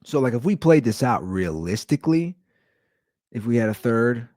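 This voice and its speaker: A man in his forties hosting a show, telling a comedic story in a rambling, animated way, full of "like.". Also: medium pitch, normal speed, no room sound, clean studio sound. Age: 40s. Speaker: podcast host.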